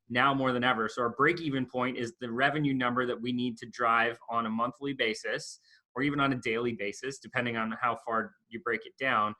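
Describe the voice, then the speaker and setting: A man's voice: mid-range voice, bright, forceful tone. A man who is an accountant, a guest on a podcast, explaining business finance steadily and repeating key points.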